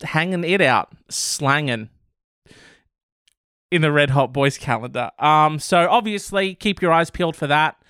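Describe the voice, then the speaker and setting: A man's voice: on the high side, expressive, a little slow, bright, forceful tone, smooth, dry recording, clean studio sound. A man hosting casual commentary on odd news stories, sarcastic and swearing freely. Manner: sarcastic, swears, laughs often.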